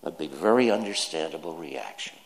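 A man's voice: a bass voice, lively intonation, a little fast. A man preaching a sermon, telling jokes and stories and acting out the quoted lines. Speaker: pastor. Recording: reverberant hall.

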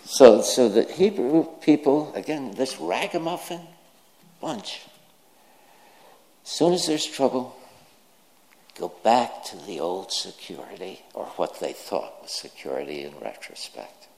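A man's voice: mid-range voice, very animated, a little slow, gravelly, mellow. A man preaching a sermon, telling jokes and stories and acting out the quoted lines. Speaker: pastor. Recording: reverberant hall.

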